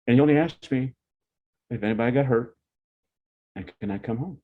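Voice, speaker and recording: A man's voice: mid-range voice, a little fast. An older man, a family elder, telling meandering personal stories to his relatives. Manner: rambling, meandering anecdotes. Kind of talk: storytelling to family. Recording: dull lo-fi sound.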